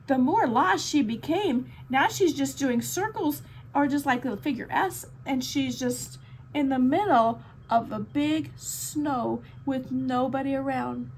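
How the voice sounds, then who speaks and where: A woman reads a children's picture book aloud, very expressive, with her pitch leaping around. Her voice sits high and she takes her time, stopping to chat with the kids. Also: unhurried, slight background noise. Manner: expressive, chatty asides to children. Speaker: bookstore storytime reader. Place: bookstore.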